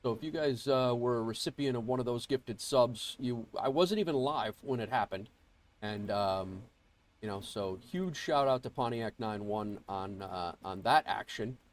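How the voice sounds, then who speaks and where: A man with a medium-pitched voice streams a flight sim at a normal speed, chatting casually and greeting his viewers. He sounds nasal and congested from a cold, rambling along with fillers and restarts. It's casual livestream talk picked up on an earbuds mic.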